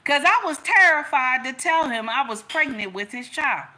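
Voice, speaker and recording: A woman's voice: high voice, expressive, moderate pace, pushed and bright. A woman giving relationship advice through a personal story, emphatic, repeating lines and calling her listeners y'all and baby.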